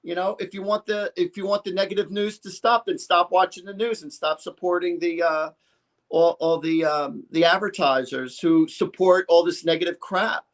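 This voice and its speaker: A man's voice: high-pitched, fairly even intonation, moderate pace. A man in his fifties, a psychic guest on a talk show, talking in an emphatic, rambling way and acting out quotes. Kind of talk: animated talk show chat.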